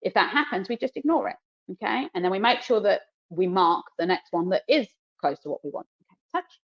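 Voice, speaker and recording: A woman's voice: mid-range voice, brisk. Brief: female dog trainer, New Zealand accent, live webinar demo, explaining and praising, dull lo-fi audio. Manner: explains while cueing the dog, soft praise.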